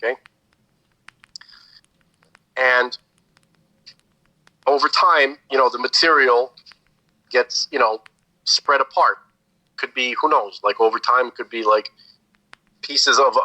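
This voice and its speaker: A man with a background talks through an idea in relaxed podcast chat, stumbling and repeating words as he thinks. His tone is very bright and sharp, at an ordinary pitch. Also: measured pace, pauses often, rough recording. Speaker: podcast co-host. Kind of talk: casual chat.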